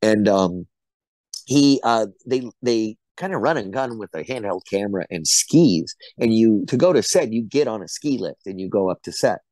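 A man's voice: on the low side, lively intonation, moderate pace, darkish tone, no room sound. A middle-aged man, an actor being interviewed, telling casual anecdotes and acting out the quotes. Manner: chatty storyteller, acts out quotes. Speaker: actor guest.

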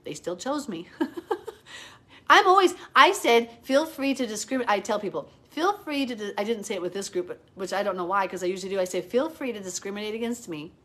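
A woman giving a casual, live-streamed Bible teaching. She talks in an earnest, chatty way, stops to answer viewer comments, and acts out quoted people with sudden jumps in pitch. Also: expressive, a little fast.

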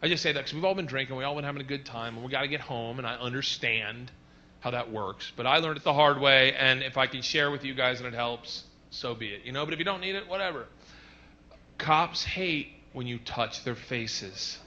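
A man doing a stand-up comedy bit, telling the story loudly and with animation, sometimes putting on a cop's voice. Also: mid-range voice, fairly quick. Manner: loud, animated storytelling with mock cop voices. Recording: dull lo-fi clip with faint noise.

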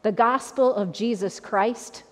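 A woman's voice: fairly high pitch, measured pace. A woman pastor giving a sermon in a conversational, repetitive preaching style, with an Upper Midwest American accent. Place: church sanctuary. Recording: long church reverb.

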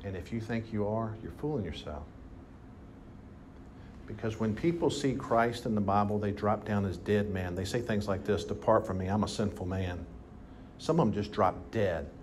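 Animated preacher, faint room hum. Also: male voice, fairly low pitch, normal speed. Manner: animated storytelling, bursts of emphasis. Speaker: pastor. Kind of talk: sermon. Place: church hall with congregation.

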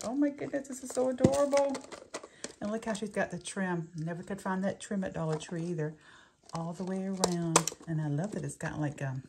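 A woman chatting through a craft unboxing, gushing and giggly. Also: medium pitch. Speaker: crafting vlogger. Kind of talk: casual unboxing chat. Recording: clear background noise, paper crinkling.

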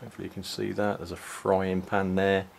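Halting man showing off a toy. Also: sits low, completely flat delivery, vocal fry, a little hiss or hum. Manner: unhurried, halting, many ums and restarts. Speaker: toy reviewer. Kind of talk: casual product walkthrough.

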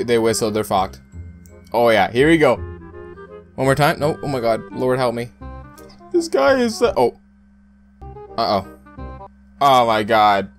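A young man giving live gameplay commentary, excitable and full of loud outbursts and swearing. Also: mid-range voice. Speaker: gaming YouTuber.

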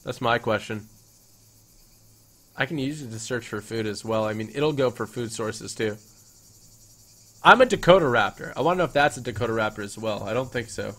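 A young man doing playful, hammy let's-play commentary, now and then bursting into loud excited shouts and talking to the game's creatures in a mock-grand voice. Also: on the low side, brisk. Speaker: gaming YouTuber.

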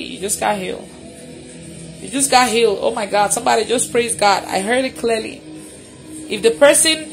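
A fervent woman minister with a fairly high voice, declaring healing and cleansing over her listeners in repeated bursts. She laughs between declarations and breaks into loud shouts, with faint music playing behind her. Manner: intermittently shouts and prays in tongues. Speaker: prophetic minister. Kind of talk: live prophetic prayer and deliverance.

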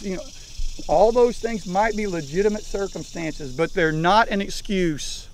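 A man's voice: high-pitched, unhurried, a little hiss or hum. A man in his fifties, a coach giving an emphatic motivational talk to his team in a field. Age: 50s. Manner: emphatic, preaching with repeated punchlines. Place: outdoors in a rural field.

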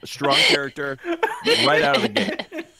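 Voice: mid-range voice, huge pitch swings, normal speed, over a noisy crowd. A podcast co-host giving sarcastic, mock-serious praise in casual chat.

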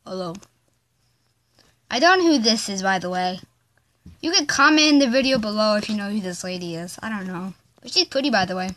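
A woman hosting a casual video from her bedroom, chatting slowly and rambling with fillers as she plays with a phone app. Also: mid-range voice, animated, a bit bright. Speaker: video host. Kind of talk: casual chat while playing a phone app.

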